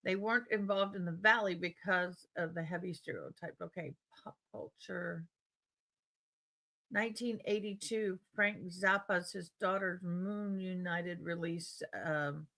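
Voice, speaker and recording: A woman's voice: lowish voice, steady tone, a little slow, sharp tone. A woman with a Tidewater Virginia accent hosting a live stream, chatting casually and rambling as she reads comments aloud.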